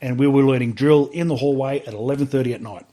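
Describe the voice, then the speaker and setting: Australian male veteran guest, mid-pitched, rambling and profane storyteller. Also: quick pace, dark tone. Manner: swears freely, rambling with many fillers. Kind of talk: casual storytelling interview.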